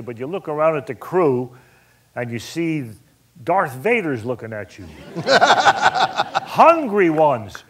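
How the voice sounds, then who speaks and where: A man, a film director, telling an anecdote to an audience and acting out bits of dialogue. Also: mid-range voice. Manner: animated, colorful storyteller who acts out dialogue.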